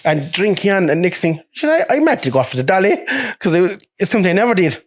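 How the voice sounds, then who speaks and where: A young Irish man, a truck driver, telling lively stories in casual chat, swearing and acting out what others said. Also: sits high, fast talker. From Ireland. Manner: animated, swearing, acts out quoted voices with laughs.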